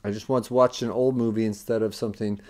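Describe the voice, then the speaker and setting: A man's voice: on the low side, level tone, fast, darkish tone. A man co-hosting a casual movie-recap podcast, bantering in a dry, joking, slightly defensive way. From United States. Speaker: podcast co-host. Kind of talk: casual chat.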